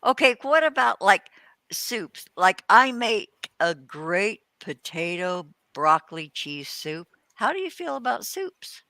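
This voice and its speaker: A woman co-hosting a casual interview, asking questions in a relaxed, unhurried way. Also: mid-range voice, no echo. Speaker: co-host.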